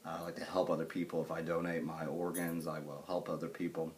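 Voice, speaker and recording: Low-voiced rambling male lecturer. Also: level tone, a little hiss or hum. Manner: rambling, halting, with many fillers and restarts; casual and joking with students. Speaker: college lecturer. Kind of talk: classroom lecture. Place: classroom.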